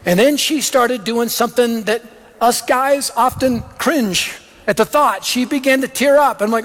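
A man's voice: extremely high pitch, a little slow, a bit bright. A middle-aged man preaching a sermon, telling stories with energy and punchy lists. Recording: long reverb of a large hall.

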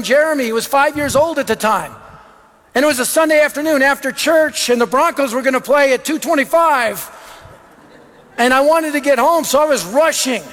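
A man's voice: very high voice, fairly bright tone. A middle-aged man preaching a sermon, telling stories with energy and punchy lists. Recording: long reverb of a large hall.

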